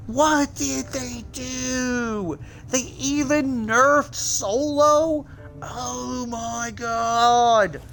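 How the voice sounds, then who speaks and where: Incredulous, excitable male game streamer. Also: very high voice, gravelly, a little hiss or hum. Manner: incredulous, excitable, loud exclamations. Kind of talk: live stream commentary.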